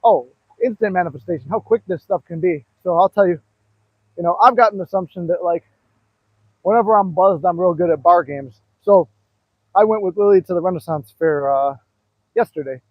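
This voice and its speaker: Guy talking live while walking, winded, rambly, high voice, dry tinny audio. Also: normal speed, no echo. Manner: rambling, storytelling with fillers. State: out of breath, walking. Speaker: manifestation coach. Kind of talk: casual livestream talk.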